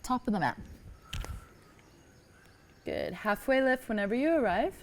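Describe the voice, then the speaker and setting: A woman leads a yoga class, cueing each pose in a calm, encouraging way. She is slightly out of breath as she moves through the flow herself. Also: on the high side, unhurried. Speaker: yoga teacher. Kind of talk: guided yoga class instruction.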